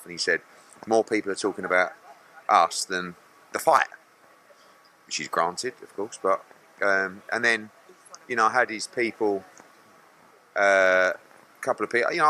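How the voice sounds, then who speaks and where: A blunt, animated middle-aged man, talking to reporters in a clear, forceful voice that sits a little low. He retells conversations and mimics people as he goes. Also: a little hiss or hum. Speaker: boxing promoter. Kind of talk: media interview answers.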